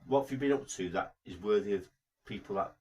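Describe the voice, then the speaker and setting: A man co-hosting a casual podcast, patiently pulling the chat back on track. His voice sits on the low side. His delivery is dry and unhurried. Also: darkish tone. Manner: tries to steer the talk, dry and patient. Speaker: podcast co-host.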